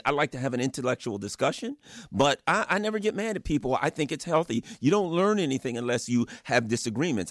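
A man's voice: medium pitch, a bit bright, no echo, studio quality. A middle-aged man giving fiery, angry political commentary, full of rhetorical questions and mocking quoted voices. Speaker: radio guest commentator.

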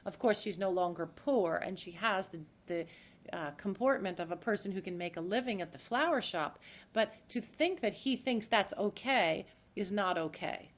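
An actress talking as a podcast guest in an animated, demonstrative way. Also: female voice, mid-range voice, normal speed. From United States. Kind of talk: interview.

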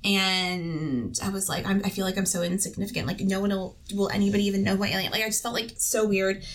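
Young woman from Canada, podcast co-host; halting, rambling, casual storytelling, mid-pitched. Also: fairly even intonation. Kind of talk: casual chat.

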